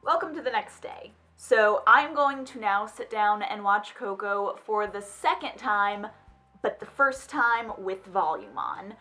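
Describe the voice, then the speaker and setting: A woman's voice: mid-range voice, measured pace. A young woman in the middle of her vocal range talks casually while she reacts to a film. She fills the time with questions and exclamations. Faint music plays in the background. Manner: animated, exclaiming and questioning aloud.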